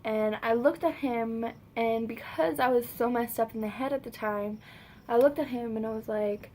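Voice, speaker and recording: A woman's voice: on the high side, moderate pace, a little hiss or hum. A young woman telling a storytime, casual and full of "like" and swearing, acting out what others said. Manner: swears freely, lots of "like". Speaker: vlogger.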